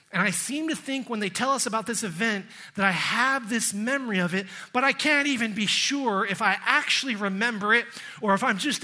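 A pastor preaching an expository sermon, emphatic, sinking to hushed tones for weight and putting questions straight to the listeners. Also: male voice, high-pitched. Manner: asks the listeners direct questions.

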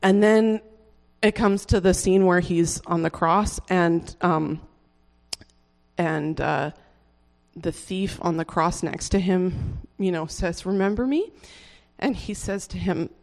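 Someone shares a personal conversion testimony in a casual, earnest, halting way, restarting often, leaning on fillers like "like," and laughing softly. The voice sits in the mid range with a creaky quality, recorded in a large hall.

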